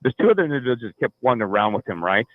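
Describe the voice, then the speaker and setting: A man's voice: mid-range voice, big pitch swings, racing, no echo. A man calling into a talk show, telling a long personal story in a rambling way, full of restarts and fillers. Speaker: caller. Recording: tinny phone line.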